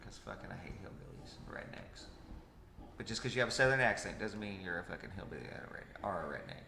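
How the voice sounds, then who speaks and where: A young podcast host from Washington state chats casually, teasing and swearing. His low voice is sing-song, fast, bright and forceful with vocal fry, recorded in an echoey room with faint noise.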